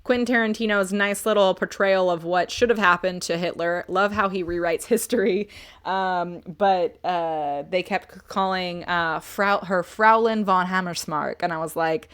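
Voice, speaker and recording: A woman's voice: mid-range voice, fairly bright tone, clean tone. A woman in her thirties chatting casually on a live stream, reviewing a book, joking at herself and reading chat comments aloud. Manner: chatty and self-mocking, reads chat aloud.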